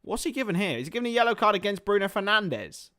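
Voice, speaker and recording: A high-pitched young man talks at a quick pace as he hosts a live football watchalong. He combines play-by-play with chatty, wandering tangents and gets excited whenever there's a chance.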